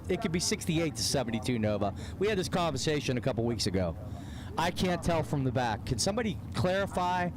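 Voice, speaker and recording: A Pittsburgh-area man with a somewhat high voice announces races over a loudspeaker at an outdoor drag strip, chatty and joking at his own expense. The audio is poor, with crowd noise behind him.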